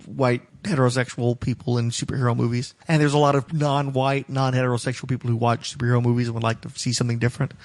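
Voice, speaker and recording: A man's voice: mid-range voice, level tone, fast, hardly any pauses. Opinionated, wry male podcast host. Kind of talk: casual chat, reading listener comments.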